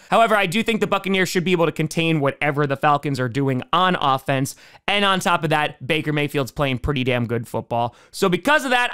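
Wisecracking high-voiced male sports commentator. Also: clean tone. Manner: animated and wisecracking, jumping between highs and lows. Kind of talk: comedic NFL prediction monologue.

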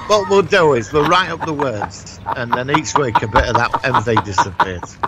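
A man's voice: medium pitch, expressive, normal speed. A man co-hosting a podcast in casual chat, teasing and dry with short replies. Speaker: podcast co-host. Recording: clear background noise.

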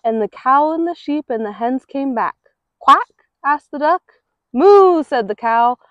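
A woman reading a picture book aloud in an expressive, rhythmic way. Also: sits high, moderate pace, no echo. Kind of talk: read-aloud storytelling. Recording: dull lo-fi recording.

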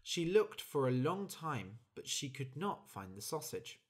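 A storyteller reading a children's story slowly and clearly for English learners. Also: medium pitch. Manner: clear, deliberate, expressive.

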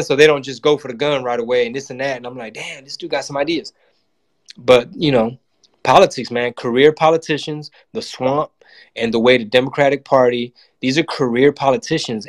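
A man giving a casual, profane political monologue and acting out quotes in voices. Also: medium pitch. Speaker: comedian and channel host.

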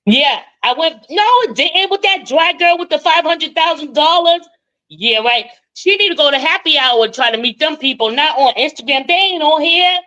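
A woman's voice: sits high, animated, normal speed, pushed and bright, lo-fi sound. A woman in her forties from Boston with a Boston accent, chatting as a caller on a live call-in show in a talkative way. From Boston, Massachusetts. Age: 40s. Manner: chatty, talks over the host, laughs often. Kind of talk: casual call-in chat.

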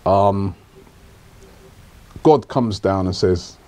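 A man's voice: deep voice, very slow, a little mellow. A man hosting a casual podcast chat, teasing his guest, laughing and repeating points to needle him. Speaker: podcast host.

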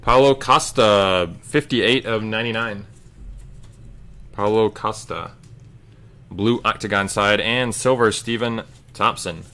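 A man's voice: on the low side, slow pace, pauses often, sharp tone. A man hosting a live trading card break, casually calling out each card as he opens packs.

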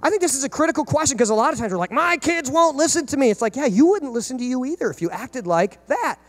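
A man's voice: very high voice, big pitch swings, very fast. A man in his thirties preaching a sermon as pastor, emphatic and full of rhetorical questions.

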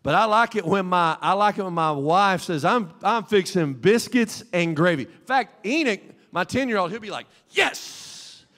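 Man, middle-aged pastor, Pentecostal sermon, folksy asides, high voice, long hall echo. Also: moderate pace, hardly any pauses. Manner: folksy, animated preaching with asides. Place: church sanctuary.

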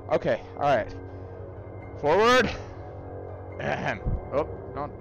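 A young man playing a horror game at a friend's home, reacting out loud. He talks to himself, exclaims when startled and laughs nervously. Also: a little high, sing-song, slow, highs cut off, soft background music.

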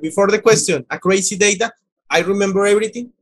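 A Colombian man, a native Spanish speaker, hosts an interview in halting, searching English. His voice is high for a man and has a husky edge. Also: fairly bright tone. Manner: halting second-language English. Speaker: interview host. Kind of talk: casual interview chat.

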